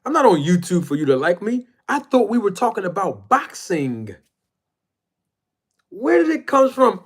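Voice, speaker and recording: A man hosting a casual boxing live stream, rambling and emphatic as he shouts out chat viewers by name. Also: high voice, very animated, normal speed. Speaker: boxing YouTube channel host.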